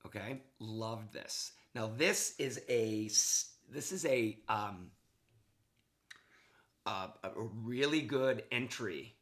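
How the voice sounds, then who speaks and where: A man's voice: medium pitch, slow, a bit bright. A man coaching hockey, talking a player through game footage in a casual, enthusiastic way, checking in often with "okay". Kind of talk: video game analysis for a player.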